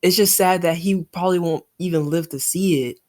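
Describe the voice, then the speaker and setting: A woman's voice: fairly low pitch, steady tone, a little fast, darkish tone. Emotional woman reacting to a comic. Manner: emotional, exclaiming and sighing. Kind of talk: casual reaction commentary.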